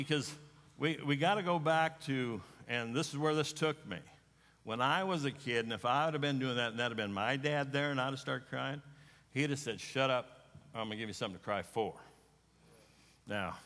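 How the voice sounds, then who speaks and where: A man's voice: mid-range voice, brisk, bright, forceful tone. A middle-aged man preaching a sermon, telling a family story in a folksy way and often repeating words. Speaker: pastor. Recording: long hall reverb.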